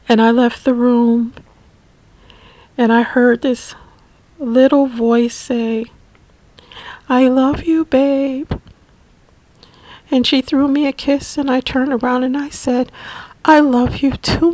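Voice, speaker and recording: Woman, memoir narration, emotional, halting, fairly high voice, dry close sound. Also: level tone, mellow, no room sound, low-quality recording. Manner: emotional, halting, repeats words. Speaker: family caregiver.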